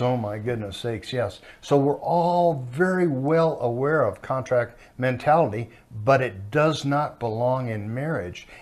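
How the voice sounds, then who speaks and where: An older man teaching a marriage course with his wife, telling stories in a folksy way. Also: mid-range voice. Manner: folksy storyteller.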